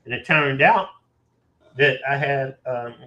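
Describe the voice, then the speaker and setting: A man casually telling a personal story to his viewers, animated and profane, with emphatic repetition. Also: mid-range voice, takes it slowly. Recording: roomy echo.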